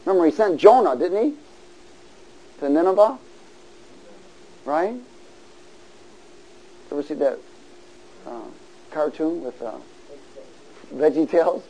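A man preaching a sermon, asking the congregation to answer and building to loud exhortation. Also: on the high side, animated, slow pace, pauses often, poor audio. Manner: call-and-response, rising to loud exhortation.

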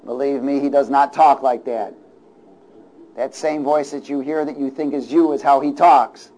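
A male pastor preaching a sermon, throwing call-and-response asides to his congregation and chuckling between points as he moves from hushed remarks to loud declarations. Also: mid-range voice, steady tone, moderate pace, low-quality recording.

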